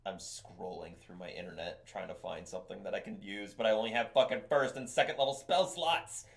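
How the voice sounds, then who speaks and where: A man playing a tabletop game, excitable, often laughing and swearing. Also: deep voice, fairly quick, gravelly. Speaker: player.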